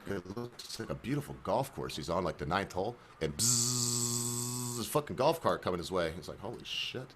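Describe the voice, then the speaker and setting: Man, tipsy host, crude rambling joke-teller, lively pitch. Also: noisy background. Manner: crude, rambling, animated storyteller. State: tipsy from drinking. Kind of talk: drunken joke-telling.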